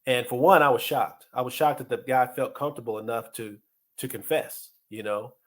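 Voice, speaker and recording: A man's voice: medium pitch, normal speed, a bit bright. A middle-aged man hosting a podcast, giving casual motivational leadership advice in an earnest way, often restarting and repeating words. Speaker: podcast host and leadership coach.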